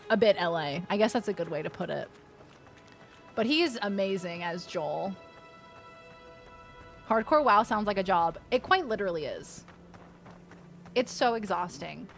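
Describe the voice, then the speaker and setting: A chatty woman streamer talks through her game in a mid-pitched voice, swinging from easy banter to loud, swearing outbursts. Soft game music plays faintly under her. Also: measured pace, long pauses. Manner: chatty, animated, swears freely. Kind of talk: casual gaming commentary.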